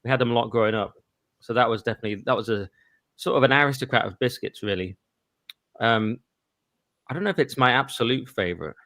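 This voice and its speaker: Rambling man reminiscing, mid pitch, dry. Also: quick pace, long pauses, pushed and bright, no echo. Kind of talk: casual chat. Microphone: remote video call.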